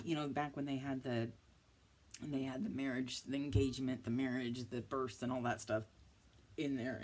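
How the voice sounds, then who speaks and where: A woman's voice: very deep voice, a little hiss or hum. A woman in her fifties chatting casually through a craft haul, self-mocking and prone to giggly asides. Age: 50s. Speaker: craft vlogger.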